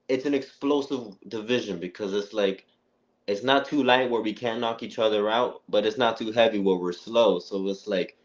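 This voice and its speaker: A young man with a very low, deep voice talks over a dull, muffled phone line. He speaks in a laid-back way and often repeats his words while he gathers his thoughts. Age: young adult. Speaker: boxer, interview guest. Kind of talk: casual call-in interview. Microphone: phone on a call. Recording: dull phone-call audio.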